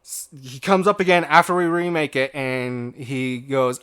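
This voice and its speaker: A man's voice: medium pitch, a little slow, fairly bright tone, clean tone. A young man co-hosting a podcast, telling a rambling work story in casual chat and acting out the other people's lines. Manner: rambling anecdote with acted-out quotes and laughter. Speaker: podcast co-host.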